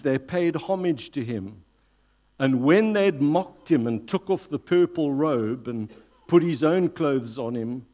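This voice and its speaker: A male pastor reads scripture and preaches at an unhurried pace. His delivery is deliberate and dramatic, with measured pauses, and his voice sits at an ordinary middle pitch. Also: dark tone. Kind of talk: sermon with scripture reading.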